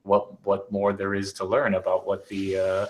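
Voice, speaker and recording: A man's voice: sits low, monotone, normal speed, a little hiss or hum. A man with a Wisconsin accent co-hosting a podcast, thinking aloud hesitantly with many fillers and restarts. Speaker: podcast co-host. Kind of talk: casual podcast chat.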